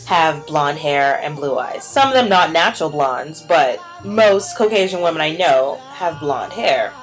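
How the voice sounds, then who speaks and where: A young woman who works as a teacher chats casually in a vlog, her fairly low voice coming through a rough recording. She rambles, fills her talk with "like" and "um," and acts out what other people said.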